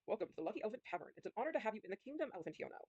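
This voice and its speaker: A woman's voice: medium pitch, very animated, very fast, darkish tone, husky, dry recording, muffled recording, pitched above the performer's own voice. A woman reading a hospitable tavern keeper. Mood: welcoming.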